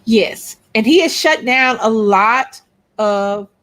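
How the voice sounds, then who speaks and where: A woman's voice: on the high side, slow pace, fairly bright tone. A woman co-hosting a casual chat show, blunt and outspoken, swearing freely and repeating her points for emphasis. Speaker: co-host of a couples' YouTube channel.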